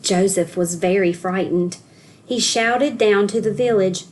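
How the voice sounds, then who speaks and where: A woman school counselor reads a children's storybook aloud for young children, telling it clearly and expressively. Her voice is mid-range and unhurried.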